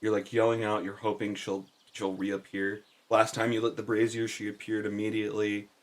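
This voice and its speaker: A man's voice: lowish voice, completely flat delivery, moderate pace. A man narrating a tabletop game as game master, in a casual, meandering way.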